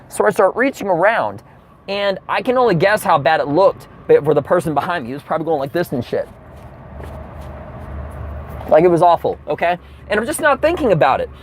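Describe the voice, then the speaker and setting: A man telling a comedic rant from his car, acting out the people in his story. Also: a little high. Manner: animated storytelling with acted-out quotes.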